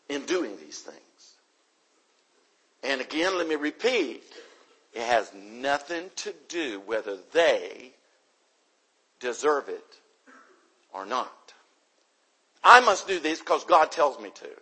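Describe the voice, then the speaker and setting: A man's voice: sits high, fairly bright tone, rough recording. A man from the United States preaching an emphatic sermon into a microphone, repeating his key points for stress.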